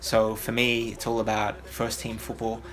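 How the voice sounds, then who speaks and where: A man's voice: fairly low pitch, completely flat delivery, moderate pace, a bit bright. A man in his twenties from Australia, chatting to camera and thinking aloud in a casual vlog. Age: 20s. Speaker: footballer vlogger. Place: hotel room at night, indoors. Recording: roomy, distant camera audio with music.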